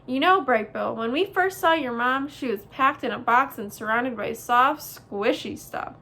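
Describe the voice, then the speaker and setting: A woman voicing a chatty, friendly female otter in a storybook reading, telling things in a lively way. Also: on the high side, unhurried, full character voice.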